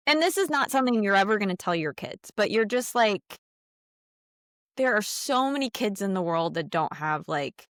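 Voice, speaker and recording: A woman in her thirties, a podcast co-host, chatting candidly about parenting and sometimes quoting her son in a soft, small voice. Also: medium pitch, lively intonation, normal speed, no room sound, clean studio sound. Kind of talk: casual chat.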